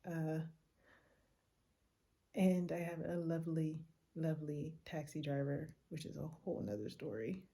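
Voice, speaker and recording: A woman with a low, gravelly voice recounts her travel day in a chatty, animated way, acting out the people she met. She sounds tired and a bit loopy late at night in her hotel room, and her tone is dark and mellow. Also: measured pace, pauses often. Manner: chatty, animated retelling with quoted exchanges. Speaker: travel vlogger. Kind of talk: casual travel vlog storytelling.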